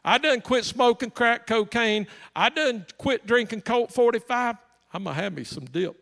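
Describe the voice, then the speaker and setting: A woman's voice: on the high side, animated, normal speed, gravelly, fairly bright tone. A man putting on a bossy, blunt street-tough woman. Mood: matter-of-fact. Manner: demanding, plainspoken, folksy grammar. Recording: long hall reverb.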